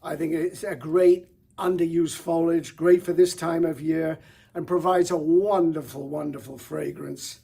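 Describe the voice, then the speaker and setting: A man's voice: a little high, fairly even intonation, measured pace, gravelly, mellow, slightly rough. A middle-aged man presenting flowers with enthusiasm, chatty, with fillers and small restarts. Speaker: florist presenter. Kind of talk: product showcase demonstration.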